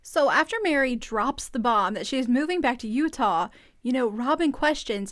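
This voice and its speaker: A woman's voice: sits high, animated, normal speed, fairly bright tone, no echo, studio quality. Chatty woman recapping a show. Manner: chatty, opinionated, amused. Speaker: podcast host recapping a reality show. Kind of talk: casual commentary.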